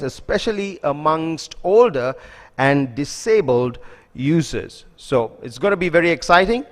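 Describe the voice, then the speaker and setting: A man introducing a speaker as the event host, brisk and full of filler words. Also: on the high side. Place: lecture hall. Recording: reverberant hall.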